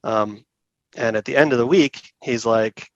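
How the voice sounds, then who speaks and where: A middle-aged man telling stories as a guest in an interview, relaxed and chatty, laughing often and acting out the people he quotes. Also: mid-range voice, unhurried, no echo, highs cut off. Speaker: saxophone repair technician, guest. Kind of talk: casual storytelling interview.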